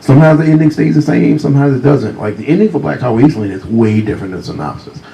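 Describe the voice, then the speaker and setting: A man with a deep voice telling humorous anecdotes as a guest author at a library talk, speaking close to a handheld mic. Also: animated, quick pace, gravelly, slight background noise, rough recording. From Virginia, USA. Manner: warm, humorous anecdotes, often laughing. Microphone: handheld mic close to mouth.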